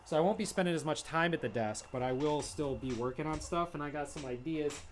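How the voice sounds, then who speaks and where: A man's voice: a little high, fairly quick, slight background noise. A man livestreaming as he draws at his desk, chatting casually and rambling between jokes. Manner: rambling, playful, sings silly made-up ditties. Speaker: artist streaming his drawing. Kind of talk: casual livestream chat while drawing. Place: home studio at a drawing desk.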